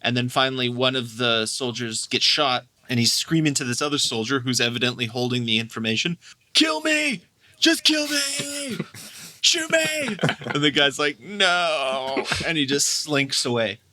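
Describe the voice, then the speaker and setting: A man's voice: medium pitch, fairly even intonation, moderate pace, few pauses, bright, forceful tone, dry recording. A man co-hosting a movie podcast, casually recapping scenes, swearing freely and acting out lines. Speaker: podcast co-host.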